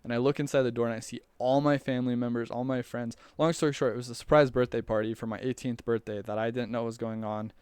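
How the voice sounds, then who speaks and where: A young man tells a personal story in a loose, rambling way, full of fillers and restarts. His voice sits at a middle pitch and comes through smooth and clear. The sound is dry and close. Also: flat delivery, fast, hardly any pauses, a little mellow, no echo. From United States. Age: young adult. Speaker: returned missionary telling his story.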